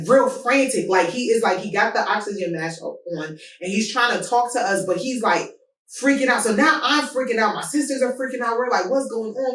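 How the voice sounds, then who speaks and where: A woman hosting an advice podcast, talking casually and telling personal stories with lively swings in her voice. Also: slight background noise. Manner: animated, voice jumps high when telling a story. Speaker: podcast host. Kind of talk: personal advice talk with storytelling. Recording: roomy sound from a distance from the mic.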